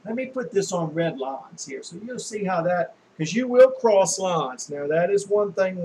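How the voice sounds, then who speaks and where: A man giving a demonstration lesson on shorthand, talking slowly and patiently, often spelling words out letter by letter, with frequent pauses and restarts. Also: fairly high pitch, darkish tone, a little hiss or hum, rough recording. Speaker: shorthand teacher.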